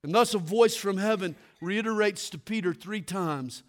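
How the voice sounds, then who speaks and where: A man preaching a sermon, telling stories with humor and dropping low and quiet for his punchlines. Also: moderate pace. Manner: animated storytelling, drops to quiet for punchlines.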